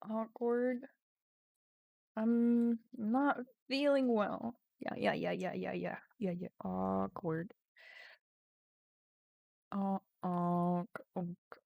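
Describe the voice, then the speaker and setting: A woman's voice: medium pitch, gravelly, darkish tone, dry recording. Woman streamer, non-native English speaker, casual chatter, reads lines aloud while typing, dry close mic. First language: not English. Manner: self-mocking, laughs often, reads story text aloud. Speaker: streamer playing an AI text adventure. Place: home streaming setup.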